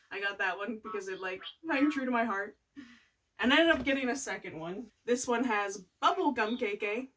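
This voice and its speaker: A woman's voice: a little high, fairly bright tone, recorded from a distance. A woman chatting casually as she reviews toys, laughing often between her remarks. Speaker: toy reviewer. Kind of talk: casual product review vlog.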